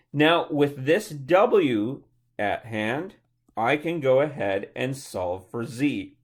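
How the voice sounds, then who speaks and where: A man working through a chemistry problem step by step, talking aloud through each calculation as a tutor. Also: mid-range voice. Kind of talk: worked-problem lecture.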